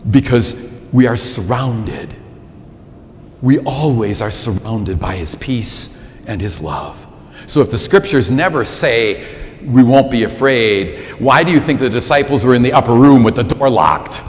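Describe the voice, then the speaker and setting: Priest, 60s, man: slow, emphatic sermon delivery, echoing church. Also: medium pitch. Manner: animated, emphatic repetition. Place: large church. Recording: reverberant church, faint ambience.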